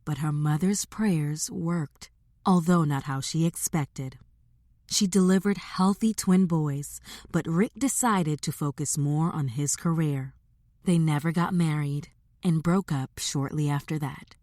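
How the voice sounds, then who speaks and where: Slow, measured woman audiobook narrator. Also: low voice, a little mellow, no room sound, studio quality.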